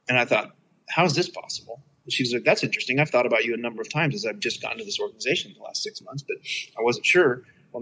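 A man's voice: medium pitch, fairly bright tone, breathy edge, poor audio. A middle-aged man telling a personal story in casual conversation, acting out quoted dialogue with big jumps in his voice.

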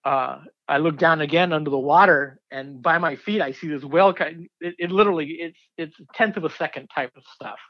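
A man in his fifties, a diver telling a story in an interview, excitable and rambling with many fillers and restarts. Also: a little high, a little fast, hardly any pauses, muffled recording.

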